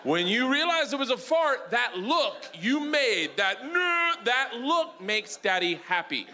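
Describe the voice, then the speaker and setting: A middle-aged man doing a stand-up comedy set on a club stage, telling a rowdy story loudly and acting out other people in high voices. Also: sing-song, takes it slowly. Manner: loud, rowdy storytelling, acts out his daughters in high voices. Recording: live club recording with room noise.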